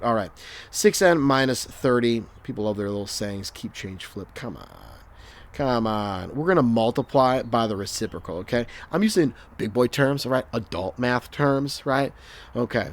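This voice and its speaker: A young male math teacher working through review problems in a casual, joking way, recorded at home on a desk microphone. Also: medium pitch. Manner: chatty, jokey, talks to students as he works.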